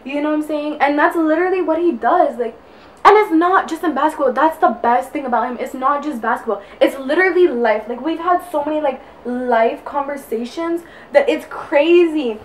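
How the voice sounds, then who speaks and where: A woman's voice: high-pitched, moderate pace, a little hiss or hum. A young woman vlogging in casual chat while getting ready, out of breath and rambling with constant fillers. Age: young adult. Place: indoors at home, getting ready.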